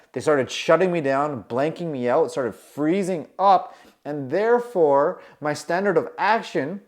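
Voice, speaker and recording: A man coaching on confidence, telling a personal story and acting out his own anxious inner monologue, moving between tense mutters and emphatic bursts. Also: a little high.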